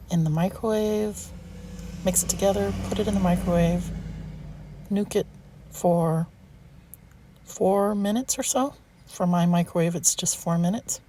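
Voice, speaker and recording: Chatty woman with a lowish voice. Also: measured pace, long pauses, noisy background. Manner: chatty and self-deprecating, with asides. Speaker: home cook vlogger. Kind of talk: casual recipe voice-over.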